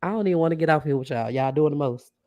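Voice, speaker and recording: A woman podcast host chatting casually with livestream viewers, warmly thanking them and reacting to their comments. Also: deep voice, racing, no echo, dull audio. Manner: chatty, keeps addressing viewers as y'all; warm and grateful, reacts to comments.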